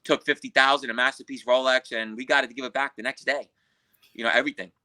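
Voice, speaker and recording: A man from Queens, telling a story as a podcast guest in a profane, animated way and acting out what others said. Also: medium pitch, quick pace. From Queens, New York. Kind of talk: casual storytelling.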